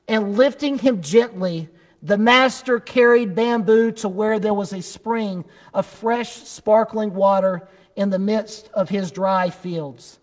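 A man preaching a sermon and telling a story, slow, deliberate and emphatic, in a church. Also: high voice, in a large hall.

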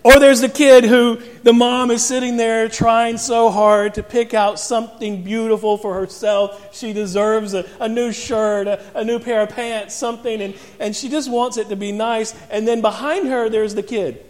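A man's voice: very high voice, fairly even intonation, moderate pace, few pauses. A man preaching a sermon in a church, telling stories with humorous asides. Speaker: pastor. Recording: long reverb in a large hall.

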